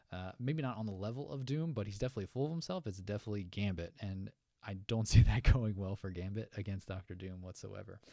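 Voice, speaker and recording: A man's voice: on the low side, creaky, darkish tone, dry recording, studio quality. A man hosting a fan news show, chatting loosely with many fillers and asides, answering viewers from the chat. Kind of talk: casual commentary reading chat.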